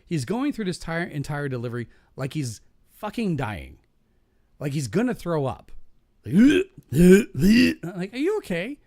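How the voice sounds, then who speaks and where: On a clean studio recording with no room sound, a man with a fairly high voice hosts a podcast, speaking a little slowly. He tells a work story in a casual, animated way, cursing and imitating the people he quotes.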